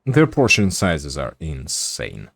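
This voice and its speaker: Deep-voiced laid-back male streamer. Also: wildly swooping pitch, slow pace, gravelly, fairly bright tone, breathy edge, dry recording. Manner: laid-back, swears casually. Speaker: art streamer. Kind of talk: casual chat while drawing on stream.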